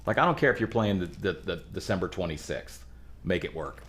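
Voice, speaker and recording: A man from the Pittsburgh area, a musician guest on a podcast, telling band stories in an animated, rambling way with frequent restarts. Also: low-pitched, a little fast. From Pittsburgh area, USA. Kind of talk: casual chat.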